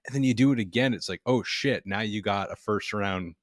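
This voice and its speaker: A man co-hosting a sports podcast, talking in a rambling, animated way and laughing often. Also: lowish voice, brisk, no room sound, clean studio sound. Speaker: podcast co-host. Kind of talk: casual sports chat.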